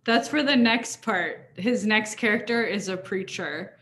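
A woman's voice: medium pitch, a little slow, a loud crowd. Laughing woman adding context. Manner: thoughtful, adds context with laughs and hedging fillers. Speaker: podcast co-host. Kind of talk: casual chat.

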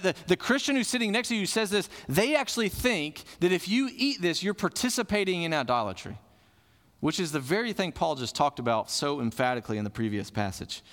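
High-voiced pastor in a reverberant hall. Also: male voice, expressive, a little fast, fairly bright tone. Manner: conversational preaching, asks and answers questions. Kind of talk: sermon.

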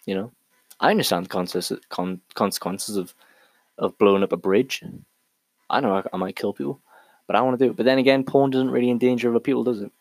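A man's voice: mid-range voice, fairly even intonation, fast, no echo, poor audio. A man talking through an argument on his own in a casual monologue, thinking aloud with frequent restarts and fillers.

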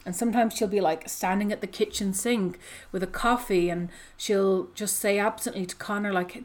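A woman's voice: medium pitch, steady tone, normal speed, a little mellow. A woman hosting a podcast, chatting casually about a book she is recapping, with frequent fillers. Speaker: podcast host discussing a book. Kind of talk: casual chat.

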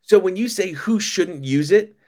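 A man as a podcast guest, talking casually with animated storytelling and stammered restarts. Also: sits high, unhurried. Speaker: podcast guest, company founder.

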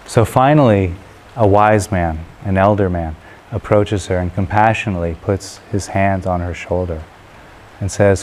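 A man telling a traditional parable in a relaxed, unhurried way, with occasional filler pauses. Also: deep voice, slight background noise. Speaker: storyteller. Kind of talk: spoken parable storytelling.

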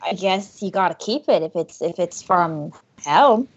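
A woman's voice: lowish voice, lively intonation, a little slow, breathy edge. A woman playing her character in a tabletop game, dry and teasing in a mock-stern way. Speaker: player. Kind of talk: casual in-character tabletop play. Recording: dull lo-fi sound.

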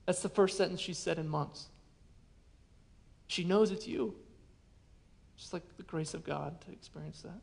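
A man preaching a sermon as a pastor, telling a personal story in an earnest way and often dropping to a hushed voice. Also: fairly high pitch, steady tone, normal speed, gravelly, pauses often.

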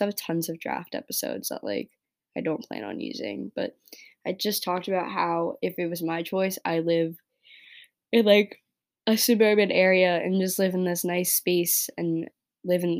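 A teenage girl from New York talking through her breakup on her own podcast, rambling and filling every pause with "like" and "right?". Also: on the low side, darkish tone. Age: teens. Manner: rambling, heavy use of "like" and "right?". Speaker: podcast host. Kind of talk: casual personal podcast monologue.

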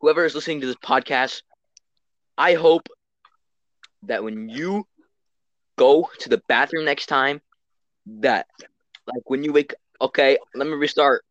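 A man's voice: mid-range voice, a little slow, long pauses, fairly bright tone, no echo, dull audio. A teenage boy co-hosting a casual podcast, rambling, swearing often and restarting his sentences. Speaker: podcast co-host. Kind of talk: casual chat.

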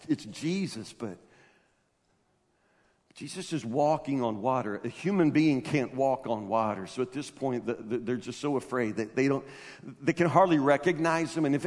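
A man's voice: medium pitch, darkish tone. A man preaching a sermon with emphatic delivery, often restarting and repeating words. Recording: long reverb of a large hall.

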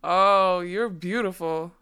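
A woman's voice: lowish voice, slow pace, pushed and bright, clear, resonant tone. Woman playing a fat clumsy farmer, coaxing, out of breath, storybook. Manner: coaxing, panting.

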